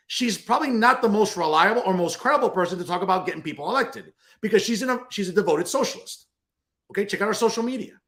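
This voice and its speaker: A man hosting a political talk show delivers a combative, sarcastic rant of commentary that keeps circling back on itself. His voice sits high with a fairly bright tone.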